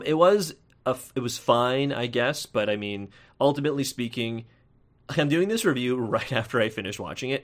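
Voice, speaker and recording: A man in the middle pitch range talks through a movie review as a podcast host. His delivery is loose and chatty, full of restarts, and he keeps tagging his points with a quick "right?" His pitch leaps up now and then as he gets into an opinion. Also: fairly bright tone. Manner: chatty, tags lines with "right?"; rambling, with restarts and sudden jumps in pitch.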